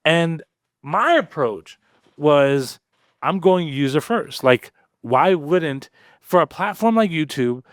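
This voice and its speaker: A man co-hosting a podcast, telling a story in a casual, animated way with lots of fillers. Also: on the high side, slow, no echo, studio quality. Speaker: podcast co-host. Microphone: podcast studio mic.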